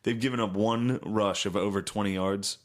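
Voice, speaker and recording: A man's voice: fairly low pitch, fairly even intonation, normal speed. A young man co-hosting a podcast, telling sports stories in crude, casual talk and swearing freely. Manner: drawling, swears, acts out quotes. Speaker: podcast co-host. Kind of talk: casual crude chat, storytelling.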